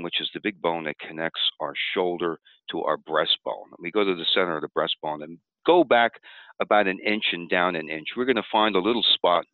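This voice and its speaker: A man teaching a tapping technique step by step in a calm, explanatory way, now and then acting out upset self-talk. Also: low-pitched, no room sound. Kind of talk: demonstration walkthrough. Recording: tinny phone-like audio, dry.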